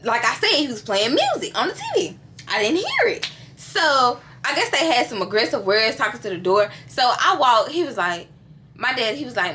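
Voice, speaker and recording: A woman in her early twenties telling a personal story to her viewers in a lively, chatty way, often speaking to them directly. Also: fairly high pitch, normal speed. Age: early 20s. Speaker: vlogger. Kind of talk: casual storytime.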